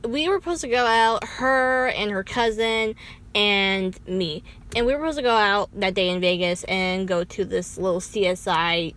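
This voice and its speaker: Animated young woman telling a storytime. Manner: animated, swears freely, many "like" fillers; dramatic pitch jumps when quoting people. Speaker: vlogger. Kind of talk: casual storytime.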